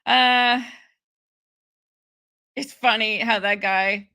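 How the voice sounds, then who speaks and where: Casual commentator, young woman from Ohio, lively chatter, brightly toned voice. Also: a little high, extremely slow. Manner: chatty, laughing, animated asides. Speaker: political commentary streamer.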